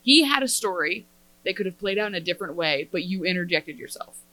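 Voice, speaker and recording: A woman co-hosting a podcast in casual chat, sarcastic and expressive. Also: lowish voice, quick pace, poor audio. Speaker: podcast co-host.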